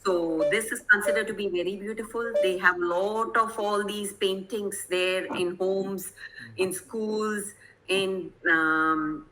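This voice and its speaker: A woman's voice: medium pitch, fairly even intonation, slow pace, over music, low-quality recording. A woman from Kerala, giving an online lecture to teachers over a video call, explaining things patiently and often checking whether her listeners follow. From Kerala, India. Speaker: guest presenter.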